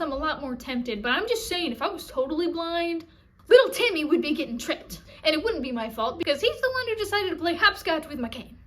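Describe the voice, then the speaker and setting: A woman giving a casual vlog rant in a blunt, sarcastic, exasperated way. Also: sits high. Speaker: vlogger.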